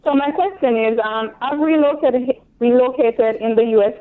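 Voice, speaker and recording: A woman's voice: on the high side, normal speed. A woman with a Jamaican accent calling into a radio show, asking her question politely and hesitantly, with many ums. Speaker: caller. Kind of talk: phone-in question. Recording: tinny phone line.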